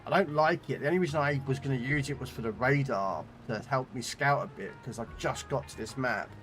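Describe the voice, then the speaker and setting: A gaming streamer chats casually with viewers in live game commentary, swearing at the game as he plays. His mid-range voice is a little fast and fairly bright, picked up by a desk condenser mic with faint music behind.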